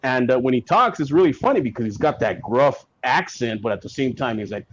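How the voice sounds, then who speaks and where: A man guest on a podcast, telling stories in a casual, animated way and acting out what others said. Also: mid-range voice, a little fast, hardly any pauses. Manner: animated, acts out quotes from people in his stories. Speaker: guest comic writer. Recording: dull lo-fi sound.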